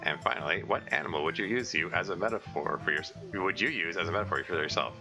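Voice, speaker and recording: A man voicing a young man who asks casual interview questions in a dry, deadpan way. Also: low-pitched, fast talker, over music, lightly acted.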